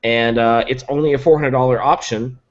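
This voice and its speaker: A man's voice: medium pitch, fairly even intonation, fairly quick, highs cut off. A man talking in a casual podcast chat as a guest reviewer, enthusiastic and filling his talk with likes and ums. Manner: enthusiastic, rattles off specs with many likes and ums.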